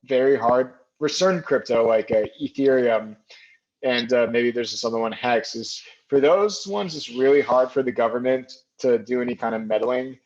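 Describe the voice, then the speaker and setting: A man talking in a loose, casual conversation, stumbling through restarts and fillers as he works toward a point. His voice sits in an ordinary middle pitch. It comes over a remote call with muffled, dull audio. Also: moderate pace, a little mellow. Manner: hesitant, many fillers and restarts. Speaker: podcast guest.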